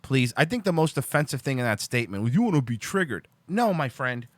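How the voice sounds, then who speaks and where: A man's voice: mid-range voice, very animated, fast, no room sound. A man hosting a livestream, ranting angrily about politics, exasperated and full of restarts. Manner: heated, exasperated, lots of restarts. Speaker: show host.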